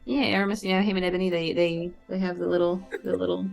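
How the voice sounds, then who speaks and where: A woman's voice: fairly low pitch, fast, vocal fry, faint music behind. A woman in casual chat with fellow tabletop players, giggly and joking around. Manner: giggly, animated, jokes around.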